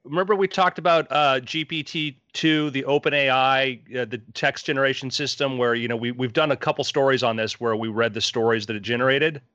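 A man's voice: medium pitch, fairly even intonation, fairly quick, few pauses, sharp tone, no echo, lo-fi sound. A man co-hosting a tech podcast, explaining things in a matter-of-fact way. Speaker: podcast co-host. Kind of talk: casual tech podcast chat.

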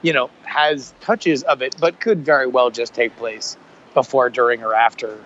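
A man's voice: medium pitch, steady tone, moderate pace, a bit bright. A man co-hosting a casual podcast about TV, rambling with many fillers. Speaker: podcast co-host. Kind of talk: casual chat. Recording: dull lo-fi sound with faint background noise.

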